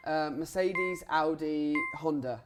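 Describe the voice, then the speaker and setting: A man chats as an actor guest in a casual interview, warm and self-deprecating. He hesitates and restarts, filling gaps with ums. Music plays clearly in the background. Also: fairly high pitch, slow pace.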